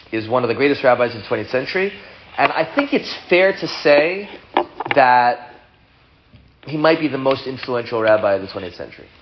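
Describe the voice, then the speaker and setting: A man teaching a casual Torah class to students, playful and chatty as he explains ideas and answers questions. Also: mid-range voice. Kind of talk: informal Torah lesson with questions. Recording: dull lo-fi sound with loud hiss.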